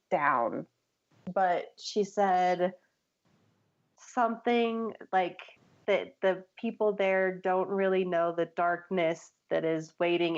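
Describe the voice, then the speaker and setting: A woman's voice: lowish voice, lo-fi sound. A woman co-hosting a fan podcast, chatting enthusiastically with lots of filler words. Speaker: podcast co-host. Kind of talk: casual chat.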